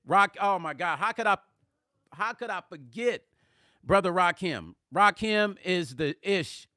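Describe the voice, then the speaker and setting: Animated man hosting a music livestream. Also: high voice, unhurried, no room sound, clean studio sound. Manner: animated and emphatic, repeats words for emphasis. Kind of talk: casual livestream chat reading comments.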